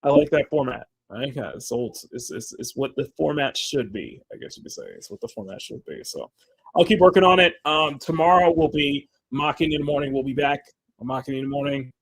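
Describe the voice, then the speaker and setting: A man's voice: medium pitch, lively intonation, brisk, no echo. A man hosting a casual livestream while he draws, rambling and restarting his sentences, with frequent laughter. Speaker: livestream host.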